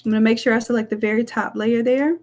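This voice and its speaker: A woman's voice: fairly high pitch, fairly even intonation, fast talker, darkish tone. A woman, walking viewers through a live design tutorial in a chatty way. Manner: chatty, says "y'all", talks viewers through steps. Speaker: design instructor. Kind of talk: live screen-share tutorial.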